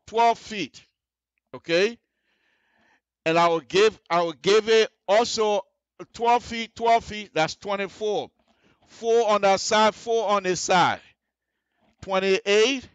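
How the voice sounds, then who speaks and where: A man's voice: high voice, smooth, no echo. Man explaining road design step by step. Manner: explanatory, repeats checks like "you see the difference?". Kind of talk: on-air technical tutorial. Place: radio studio.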